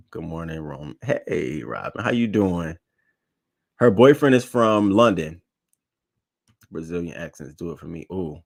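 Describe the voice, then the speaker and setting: A man's voice: on the low side, darkish tone. Blunt, swearing male gossip-show host. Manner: blunt and emphatic, swears freely, repeats points for stress. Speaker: host of a celebrity news show. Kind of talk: casual opinionated commentary, reading live chat.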